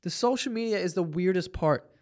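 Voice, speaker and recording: A man's voice: high voice, a little fast. A man hosting a solo podcast, ranting casually with lots of swearing and sarcastic exasperation. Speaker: podcast host.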